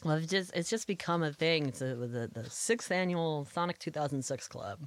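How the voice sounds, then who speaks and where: A woman's voice: low-pitched, lively intonation, normal speed. A woman co-hosting a podcast in casual chat, laughing often and packing her talk with filler words and swearing. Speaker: podcast co-host.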